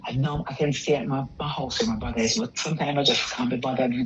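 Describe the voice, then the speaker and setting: Middle-aged woman caller, animated storyteller who slips into near-whispers; muffled lo-fi line. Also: very deep voice, quick pace, a crowd in the background. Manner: animated, quotes dialogue, drops to near-whisper at times. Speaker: caller telling her story. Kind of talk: casual storytelling. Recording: dull lo-fi sound with faint noise.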